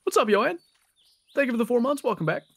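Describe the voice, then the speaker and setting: A man's voice: extremely high pitch, big pitch swings, quick pace, vocal fry, fairly bright tone, slightly rough, dry recording, clean studio sound. A man guest streamer chatting casually and trading wry banter.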